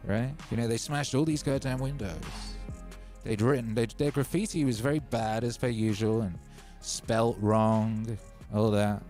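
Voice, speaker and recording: A man hosting a livestream, talking at an everyday mid pitch in a loose, rambling way. He tells his stories with a dry, sardonic bite, and faint music plays underneath. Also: fairly even intonation, unhurried, a little mellow. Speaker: livestream host. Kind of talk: casual livestream chat. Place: home studio.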